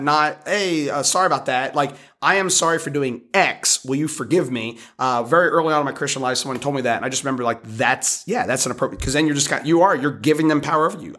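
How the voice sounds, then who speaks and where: A man talks at a brisk, fast clip, swapping stories from his street preaching. His delivery is casual and rambling, full of restarts and asides, like a host chatting on a podcast. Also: mid-range voice, a bit bright. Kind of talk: casual conversational storytelling.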